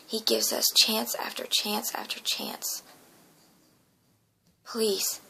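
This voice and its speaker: Gravelly, bright-voiced woman telling a dream. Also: a little high, flat delivery, slow, rough recording. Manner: emotional, slips into whispers. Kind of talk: earnest personal testimony.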